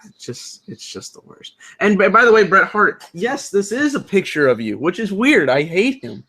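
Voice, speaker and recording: A young man co-hosting a casual wrestling chat, blunt and sarcastic and quick to swear. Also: sits high, sing-song, pushed and bright, slightly rough. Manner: blunt and sarcastic, swearing, swings up when worked up. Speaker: co-host.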